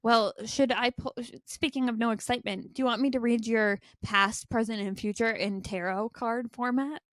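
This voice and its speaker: A woman's voice: fairly high pitch, fairly even intonation, moderate pace, a bit bright, no room sound, studio quality. Chatty Maine woman telling stories. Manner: chatty, storytelling, giggly asides. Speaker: podcast co-host. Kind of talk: casual chat.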